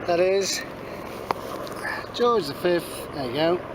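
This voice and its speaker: A man's voice: sits high, lively intonation, slow pace. A man giving casual, cheeky running commentary while metal detecting in a field. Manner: chatty, cheeky asides, says moving on a lot. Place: outdoors in a field. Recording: outdoor noise behind.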